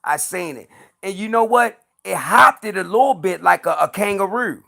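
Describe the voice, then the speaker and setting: A man with a gravelly, creaky voice chats casually over a phone line. He talks in an earnest, insistent way and circles back on his words. His pitch sits a little high for a man. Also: expressive, moderate pace, sharp tone. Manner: repeats phrases, earnest and insistent. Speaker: podcast host. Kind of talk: casual chat.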